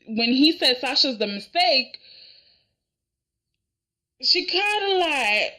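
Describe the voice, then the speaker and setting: A woman talks through a family drama episode at a slow, easy pace. Her voice sits a little high and bright, and she slips into the characters' lines as she goes, laughing along the way. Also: sing-song. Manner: chatty, acts out characters' lines, laughs often. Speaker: reaction video host. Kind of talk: casual recap of a TV drama.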